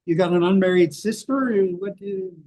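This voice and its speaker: Older american guy, kinda high voice, swears a lot, brutally honest interview chat. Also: moderate pace, mellow. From United States. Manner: blunt, profane, self-mocking. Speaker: interview guest, author. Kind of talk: candid casual conversation. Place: rainy place indoors, rain outside.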